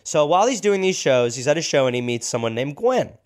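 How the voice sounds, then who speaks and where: Man telling a story with a lively voice. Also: on the high side, quick pace. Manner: reads history notes with jokey asides. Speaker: podcast host. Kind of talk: casual comedic storytelling.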